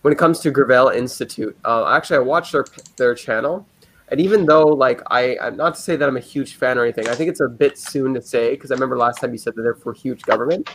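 A man's voice: medium pitch, fast, slight background noise. A man chatting casually about politics as a guest, rambling and hesitant, with many fillers and restarts. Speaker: guest commentator.

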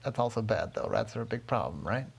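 A man's voice: fairly low pitch, expressive, quick pace, creaky, husky, heavily acted. A man voicing a friendly homeowner in a bedtime story, chatty and repeating himself. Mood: hospitable. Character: friendly grown man, homeowner hosting a guest.

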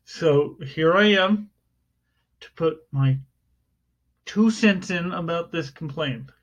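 On a dull, lo-fi home recording, a podcast co-host with a slightly high voice jokes around in casual banter, taking his time. He's playful and slips into a mock newsreader voice.

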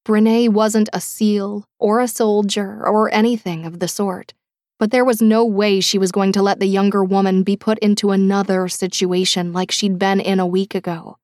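A woman reading an audiobook in a measured, dramatic way, dropping to a hush at tense moments. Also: mid-range voice, little pitch movement, no echo, studio quality. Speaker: audiobook narrator. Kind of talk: scripted audiobook narration.

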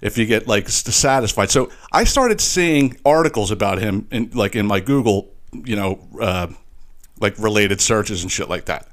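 A man with a slight Philadelphia accent, hosting a podcast in a rambling, animated monologue full of profanity and restarts. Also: fairly low pitch, moderate pace. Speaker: podcast host.

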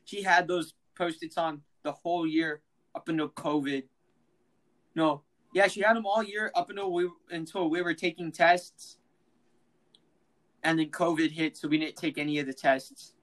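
A teenage boy tells a prank story on a casual mini podcast with a fairly high voice. He is excitable and slangy, and he keeps slipping into voices for the people in the story. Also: moderate pace, rough recording. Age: teens. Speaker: podcast host.

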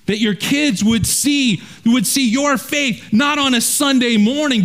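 High-voiced pastor preaching earnestly. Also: male voice. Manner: earnest preaching, drops low and quiet for emphasis, repeats words when restarting. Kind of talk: sermon.

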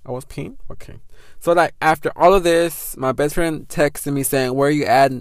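This young man hosts a podcast, telling a candid, cuss-laden story and switching into Spanish phrases amid his English. His slightly high voice moves at a moderate pace.

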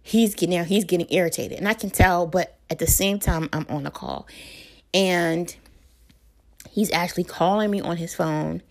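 A woman's voice: fairly low pitch, normal speed, creaky. A woman in her thirties or forties, a mother talking through parenting advice in a casual, conversational way, with fillers and self-corrections. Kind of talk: casual advice talk to camera.

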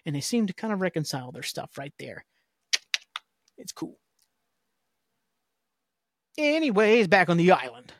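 A man's voice: high-pitched, very animated, measured pace, long pauses, no echo, clean studio sound. A man hosting a podcast, giving a loose, rambling recap with lots of fillers and the odd curse word. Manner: loose, filler-heavy, with occasional cursing. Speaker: podcast host. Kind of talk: casual rambling episode recap.

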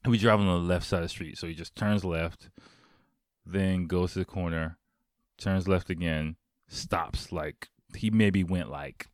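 Deep-voiced man telling a rowdy story. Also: steady tone, a little slow, no echo, studio quality. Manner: rambling, profane, laughs often. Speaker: podcast host. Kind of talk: casual storytelling.

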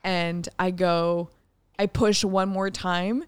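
Young woman, podcast co-host, candid storytelling, swears often, laughs a lot, lowish voice, dry close sound. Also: little pitch movement, slow pace, clear, resonant tone, no echo.

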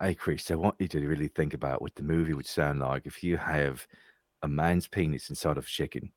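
A man's voice: extremely low pitch, fairly even intonation, no room sound, clean studio sound. A man putting on a leering voice, in the manner of a sleazy film star, in a casual podcast chat. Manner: deliberately weird, leering. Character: seedy gravelly British man, Michael Caine impression.

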